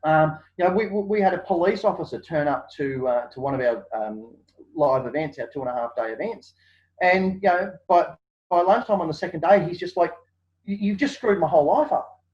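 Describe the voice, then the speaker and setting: A man's voice: fairly high pitch, a little fast. A man, a guest in a casual interview, telling stories animatedly and acting out what people say, with many fillers. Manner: animated storyteller, acts out quotes, many fillers. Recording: dull lo-fi sound.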